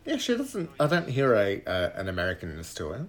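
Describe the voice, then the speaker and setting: A man's voice: on the low side, huge pitch swings, a little fast. A man co-hosting a podcast, chatting casually about a film in an easygoing way and laughing often. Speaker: podcast co-host.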